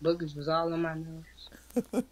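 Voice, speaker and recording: A woman who is sick and coughing, talking in a low-energy, agreeable way on a video chat. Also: steady tone, slow pace. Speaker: caller on a live video chat.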